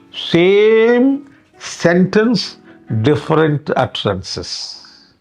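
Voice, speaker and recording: Slow, high-voiced older Indian lecturer. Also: male voice, expressive, soft background music. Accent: Indian English. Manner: slow, deliberate, acts out example sentences with varied intonation. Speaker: grammar lecturer. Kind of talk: classroom lecture.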